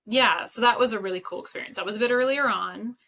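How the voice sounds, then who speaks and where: A woman's voice: a little high, quick pace, bright, forceful tone. A woman educator, a guest on an interview podcast, telling anecdotes casually with lots of laughter and fillers.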